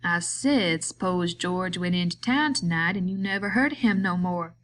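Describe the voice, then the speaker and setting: A woman voicing a bitter, lonely man who taunts a friend, in a slow, drawling rural way of talking. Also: fairly low pitch, fairly bright tone, a little hiss or hum, close to an everyday voice. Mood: taunting.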